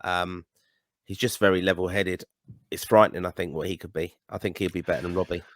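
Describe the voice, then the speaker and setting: A man's voice: deep voice, fairly even intonation, brisk, fairly bright tone. An Irish man co-hosting a podcast, chatting casually about football with emphatic, blunt opinions. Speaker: podcast co-host.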